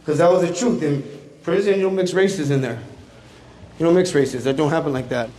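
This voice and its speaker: Middle-aged male youth speaker, emphatic streetwise testimony, high voice, roomy echo. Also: brisk, dark tone. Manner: emphatic, streetwise slang, repeats key phrases. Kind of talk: personal testimony to teens. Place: large room with a teen audience. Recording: echoey room.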